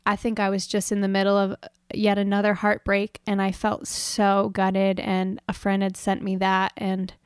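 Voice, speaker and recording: Smooth, even-toned woman, reflective chat. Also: mid-range voice, normal speed, no echo, studio quality. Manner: reflective, spiritual, says "man". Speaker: podcast guest. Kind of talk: casual conversation.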